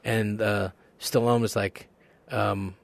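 A man's voice: lowish voice, level tone, takes it slowly, vocal fry, dry recording. A male guest actor telling a story casually on a podcast, acting out other people's lines. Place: podcast studio.

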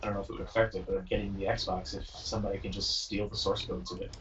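A man's voice: low-pitched, flat delivery, quick pace, a bit bright, far from the mic, dull audio, a little hiss or hum. A man talking casually and a little hesitantly as a co-host on a conference call. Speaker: podcast co-host.

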